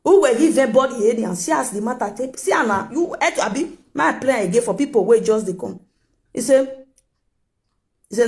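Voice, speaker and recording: A woman's voice: on the high side, lively intonation, brisk, darkish tone. A woman with a Nigerian accent giving casual gossip commentary, emphatic and full of rhetorical questions to her viewers. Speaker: gossip vlogger.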